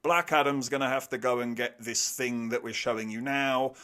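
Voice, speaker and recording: A man's voice: mid-range voice, fairly even intonation, moderate pace, pushed and bright, clean tone. A young man giving a sarcastic, exasperated film review rant, swearing freely. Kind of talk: ranting movie review.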